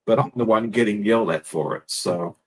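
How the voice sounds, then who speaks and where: This man is a guest on a relaxed video chat. His voice sits somewhat low. He speaks earnestly and mildly, circling back to repeat his point. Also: brisk, breathy edge, faint music behind, low-quality recording. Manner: earnest and mild, repeats himself. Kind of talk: casual chat.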